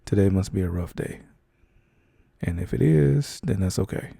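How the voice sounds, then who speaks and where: A young man speaking in a whispered role-play, comforting a listener as their boyfriend. His voice is very dark and husky, recorded dry and close with no room sound. He talks slowly and gently, pausing often with soft fillers. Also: low-pitched, lively intonation, no echo. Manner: soft, slow and reassuring, with hesitant fillers.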